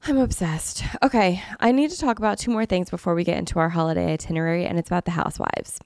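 Young woman host with a cold, effusive and gushing, low gravelly voice, dry close sound. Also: quick pace, a little mellow, no room sound. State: has a cold, sniffling. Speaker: podcast host. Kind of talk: casual chat.

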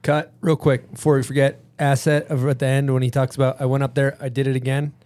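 A man hosting a podcast, giving brisk, matter-of-fact production notes. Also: mid-range voice, level tone, a little mellow, dry recording. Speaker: podcast host. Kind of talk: casual chat and production notes.

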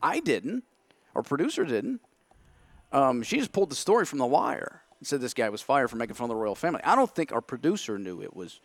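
A man's voice: medium pitch, very animated, fairly quick, dry recording. A man, a podcast guest, telling his side of a story candidly and acting out his own thoughts in quotes.

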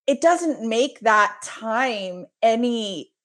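A woman's voice: fairly high pitch, expressive, drawn-out words, a bit bright. Earnest woman guest reflecting on faith. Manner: earnest, reflective, many "like" fillers. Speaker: podcast guest, author. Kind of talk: casual conversation.

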